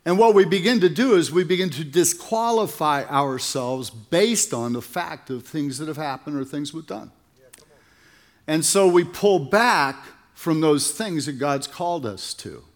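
A man's voice: fairly high pitch, animated, a little slow. Earnest older man preaching. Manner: earnest, folksy, repetitive phrasing. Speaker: conference speaker. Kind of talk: sermon with prayer and jokes.

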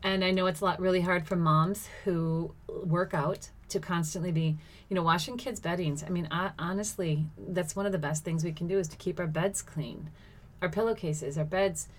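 A woman's voice: on the low side, steady tone, normal speed. A middle-aged woman telling a personal story in a casual monologue, laughing often and exclaiming as she acts out what people said.

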